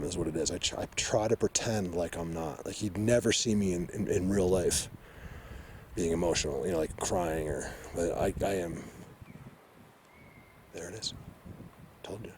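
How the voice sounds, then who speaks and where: This deep, darkish male voice has vocal fry and moves at a moderate pace over slight background noise. He's filming an excited hiking vlog in the forest, talking emotionally and rambling, often starting sentences over.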